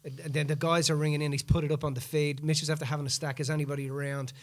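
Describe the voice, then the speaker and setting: A man's voice: on the high side, rapid-fire. A man hosting a podcast, telling a story in casual chat and acting out what people said. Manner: animated, acts out quoted speech in the retelling. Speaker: podcast host.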